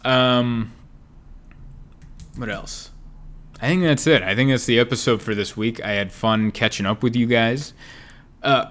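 A young man hosting his own comedy podcast, talking casually in a rambling, jokey way with sarcastic asides and big swings in pitch and loudness. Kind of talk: casual solo podcast monologue.

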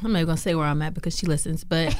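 A woman's voice: low-pitched, fairly even intonation, very fast. A woman chatting casually and retelling what people said to her. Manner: chatty, quotes others in a raised voice. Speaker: podcast co-host. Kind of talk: casual chat.

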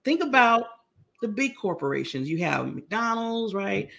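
A middle-aged woman speaks as an interview guest with a gravelly edge to her voice. She talks in a lively, animated way, often laughing and humming tunes. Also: medium pitch, a little slow. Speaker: guest, brand founder. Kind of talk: casual interview talk.

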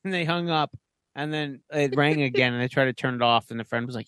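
A man's voice: medium pitch, brisk, fairly bright tone, clean tone, dry recording, studio quality. A man co-hosting a podcast, telling stories in a blunt, profane way. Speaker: podcast co-host. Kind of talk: casual chat.

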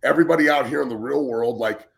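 A former football player in his forties rants as a guest on a casual sports talk show, his mid-range voice gravelly and fast. He's blunt, heated, and heavily profane, repeating words as he starts sentences and frequently restarting.

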